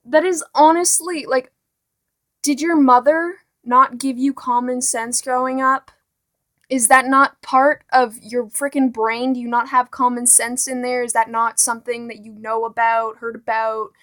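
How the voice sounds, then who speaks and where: A woman's voice: on the high side, steady tone, a little slow, fairly bright tone. A teenage girl vlogging a casual, exasperated rant, full of "like" and "honestly". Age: teens.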